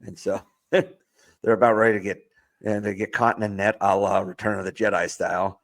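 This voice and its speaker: A man's voice: lowish voice, little pitch movement. A man co-hosting a podcast, casually recapping a movie plot with lots of filler words. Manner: rambling plot recap with filler words and quick put-on quotes. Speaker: podcast co-host. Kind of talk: casual movie review chat.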